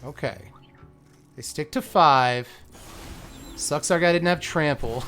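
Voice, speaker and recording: A young man giving live commentary on his own card game, excitable and muttering, groaning at bad draws. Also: a little high, takes it slowly, long pauses. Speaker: gaming content creator.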